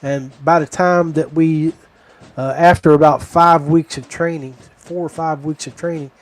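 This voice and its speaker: A man's voice: a little high, steady tone, normal speed. Rambling man telling a story. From West Virginia. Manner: rambling, digressive. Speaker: podcast host. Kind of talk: casual storytelling.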